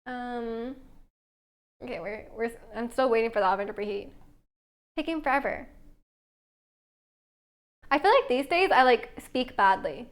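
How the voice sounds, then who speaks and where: A young woman with a high voice chats on a live stream from her home kitchen. She reads viewers' messages aloud and rambles easily between them, filling her sentences with "like". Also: animated, a little slow, long pauses. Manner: chatty, reads chat aloud, many "like" fillers. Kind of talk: casual live-stream chat while baking.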